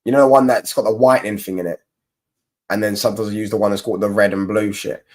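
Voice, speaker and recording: A man's voice: lowish voice, fairly even intonation, fast talker, a little mellow. Young man bantering on a football live stream. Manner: banter-heavy, mocking rival fans, rambling with restarts. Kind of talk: casual live stream chat reading comments.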